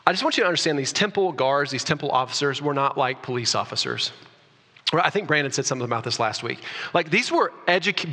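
A man preaching a sermon as pastor, animated, rising loud for emphasis and restarting his words. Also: high-pitched. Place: church sanctuary. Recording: long reverb of a church hall.

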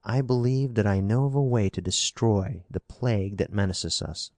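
A man's voice: lowish voice, moderate pace, darkish tone, no echo, clean studio sound, lightly acted. A man reading the part of a brave young hero, confident and protective. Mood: resolute. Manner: resolute and confident.

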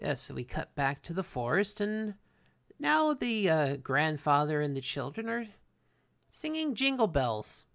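A man's voice: on the high side, big pitch swings, unhurried, gravelly, a bit bright. A man co-hosting a casual recap chat, laid-back, swearing and acting out lines from the episode. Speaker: podcast co-host.

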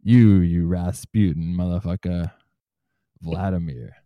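A man hosting a casual comedy podcast, swearing freely and reading news quotes aloud in a relaxed, joking way. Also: deep voice, takes it slowly, no echo, narrow, tinny audio. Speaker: podcast host.

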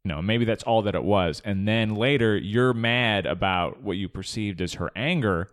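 Low-voiced man arguing a point. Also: normal speed. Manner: questioning, reasons through arguments aloud. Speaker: conversation partner. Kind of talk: casual chat.

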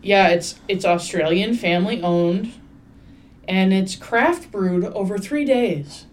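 Podcast host: young woman, mid-pitched, rambling and wry, swears casually. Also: slow pace, a little mellow. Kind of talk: casual chat.

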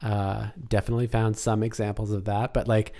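Man, low-pitched, casual chat, talkative, laughs often, trails off. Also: little pitch movement, brisk, warm tone. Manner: chatty, laughs often, trails off mid-sentence. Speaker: podcast co-host. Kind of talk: casual chat about a film.

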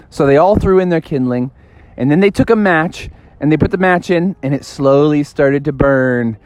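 A man's voice: a little high, normal speed, a little mellow, no echo. Playful young man telling a rambling story. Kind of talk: improvised storytelling.

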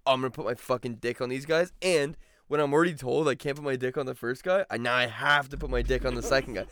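A young man on a podcast, reacting with loud disbelief and lots of swearing. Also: medium pitch, fast talker. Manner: incredulous, laughing, swears a lot. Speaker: podcast co-host. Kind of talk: casual chat.

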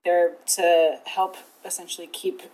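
A woman's voice: lowish voice, level tone, a little slow, a little mellow, rough recording. Giggly rambling woman on a podcast. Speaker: guest, former zookeeper. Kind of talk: casual podcast chat.

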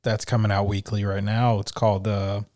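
A man co-hosting a podcast, chatting bluntly with plenty of swearing. His voice sits a little low. The sound is dry, with no room echo. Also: level tone, moderate pace, darkish tone. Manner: blunt, profane. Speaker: podcast co-host. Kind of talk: casual chat.

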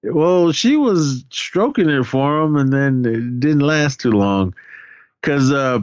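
A man's voice: medium pitch, expressive, slow pace, clear, resonant tone, no room sound, highs cut off. A man casually recapping a horror movie with a co-host, rambling and profane, often laughing and acting out lines.

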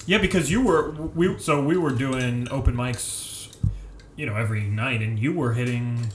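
A man's voice: medium pitch, moderate pace. A man co-hosting a podcast, laid-back and calling people dude. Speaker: podcast co-host, comic. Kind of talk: casual podcast chat. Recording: echoey room with noise.

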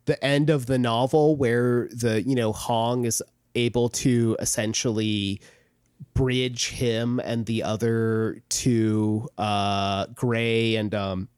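A man's voice: medium pitch, steady tone, takes it slowly, a little mellow, smooth, no echo, clean studio sound. A man co-hosting a podcast, talking casually about a novel in a rambling way with many fillers and restarts. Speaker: podcast co-host. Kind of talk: casual book discussion.

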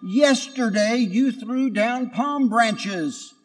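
A priest voicing a proud, self-important young male donkey who gets cross and shouts when ignored. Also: fairly high pitch, lively intonation, slow pace. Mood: shouting. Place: church. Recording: long church reverb.

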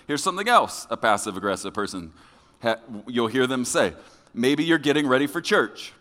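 A man preaching a sermon as pastor to his congregation, joking with them in a lively, conversational way. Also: mid-range voice. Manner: lively, joking with the congregation, acting out quoted voices. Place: church sanctuary. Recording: long hall reverb.

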